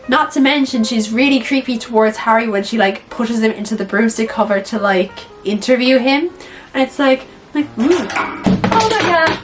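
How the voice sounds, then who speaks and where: A young woman chatting casually in her video, animated and blunt, swearing freely and saying "like" a lot. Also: on the high side, moderate pace, music in the background, rough recording. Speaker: YouTuber. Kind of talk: casual movie-ranking chat.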